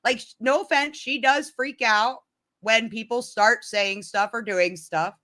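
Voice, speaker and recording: A woman tells a long story to her viewers in an unscripted, casual way. Her voice sits a little high and has a bright, forward edge, and she circles back and restarts as she goes. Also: a little slow. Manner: rambling, many restarts and "you know"s.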